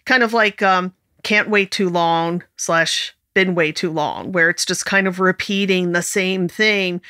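A woman co-hosting a casual music podcast, unhurried and quick to laugh. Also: on the low side, fairly even intonation, pushed and bright, no room sound, clean studio sound. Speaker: podcast co-host.

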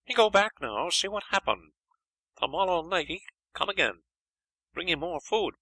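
A man doing a high clipped helper in broken English. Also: sing-song, moderate pace, pushed and bright, no echo, heavily acted, poor audio. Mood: brisk. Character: friendly male helper speaking broken English.

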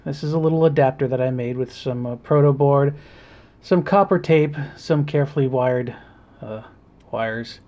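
A man talks through a homemade electronics project in a relaxed demo. He pauses often and fills the gaps with small hesitations. He is speaking at a mid pitch. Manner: halting, many pauses and fillers. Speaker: hobbyist maker. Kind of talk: casual demonstration.

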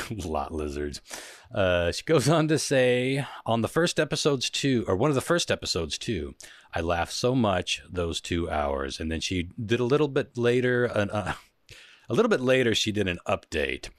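Deep-voiced man hosting a podcast. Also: big pitch swings, normal speed, dry recording, studio quality. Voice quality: very low voice. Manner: laughs often, reads listener letters aloud. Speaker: podcast host. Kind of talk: casual podcast chat.

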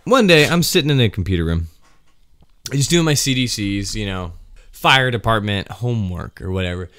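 Wry, rambling young man, casual story vlog, lively delivery. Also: lowish voice, moderate pace, dry recording. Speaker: firefighter storyteller.

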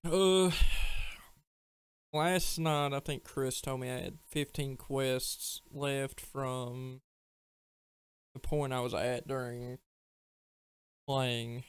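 Male podcast co-host, smooth clean voice, blunt offhand delivery, dry close sound. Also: medium pitch, fairly even intonation, drawn-out words, long pauses, no room sound. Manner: blunt, offhand gamer talk. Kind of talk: casual chat.

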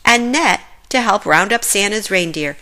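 An eager young boy leads his team in a kids' storybook, read by a woman. He gives orders in an upbeat, commanding way, and the voice is bright. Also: medium pitch, expressive, normal speed. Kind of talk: children's storybook read-aloud.

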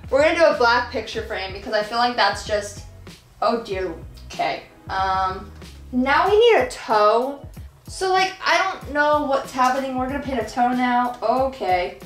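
Young female vlogger, rambling giggly chatter, slightly high voice, roomy echo. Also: expressive, a little slow. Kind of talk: casual chat while painting. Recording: echoey room with soft background music.

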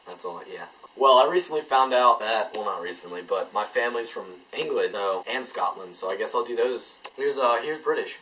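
A man's voice: on the low side, brisk, hardly any pauses, fairly bright tone, far from the mic, low-quality recording. A young man hosting a casual vlog, offhand and easygoing. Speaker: YouTube host.

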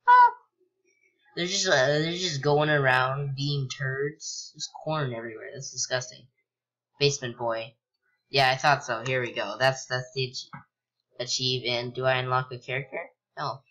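A young man casually commentating a video game he's playing, rambling with lots of ums and likes and sudden excited yelps. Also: medium pitch, lo-fi sound. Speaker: gameplay commentator. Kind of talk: casual let's-play commentary.

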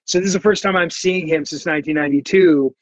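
A man talking casually, his voice a little higher than most and full of fillers and restarts as he circles back through a story. The sound is dry and dull, like a modest lo-fi recording. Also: fast, dry recording. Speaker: podcast guest, artist.

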